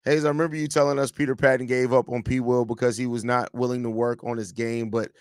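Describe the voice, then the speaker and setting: Reading viewer comments aloud on his live podcast, the host teases the people who wrote them in an animated way, talking right to his audience. He has a mid-range, smooth voice and speaks fast, with clean studio sound and no echo.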